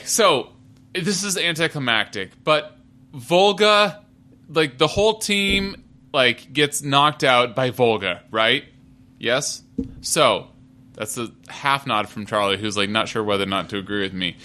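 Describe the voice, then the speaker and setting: A man's voice: mid-range voice, measured pace. A man co-hosting a podcast in a casual chat, rambling and swearing freely. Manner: animated, rambling, profane. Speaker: podcast co-host.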